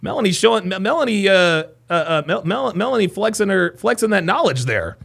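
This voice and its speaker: A man's voice: sits high, very animated, fairly quick, vocal fry, fairly bright tone. A man hosting a live stream, reacting to clips with exasperated, profane commentary.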